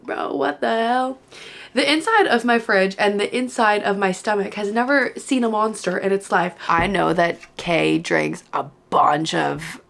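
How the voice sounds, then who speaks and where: Late at night at home, a weary young woman with an Australian accent jokes around with viewers in a relaxed study vlog chat. She speaks unhurriedly in a mid-range, creaky voice with a fairly bright tone.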